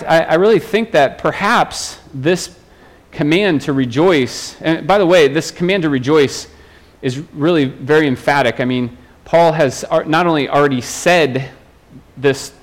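A man, a pastor, preaching a sermon in an earnest way, often restarting and repeating phrases. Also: on the high side.

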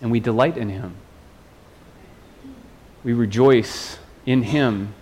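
A man's voice: medium pitch, takes it slowly, darkish tone. A man, a pastor, preaching a sermon in an earnest way, often restarting and repeating phrases.

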